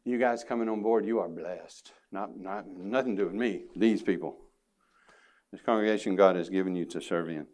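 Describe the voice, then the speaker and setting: A man's voice: sits low, normal speed, darkish tone. A man preaching a sermon to his congregation, earnest and emphatic, with casual asides. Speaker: pastor. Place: church sanctuary.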